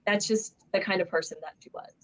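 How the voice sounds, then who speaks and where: A woman's voice: medium pitch, quick pace. A woman sharing memories in a casual video call, upbeat and chatty.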